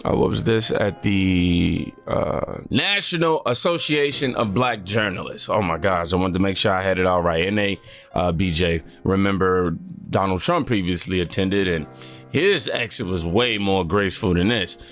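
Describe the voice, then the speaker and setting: A man's voice: low-pitched, moderate pace, a bit bright, soft background music. A man hosting a reaction video, chatting casually and animatedly to his viewers in slangy, direct talk. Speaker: reaction channel host.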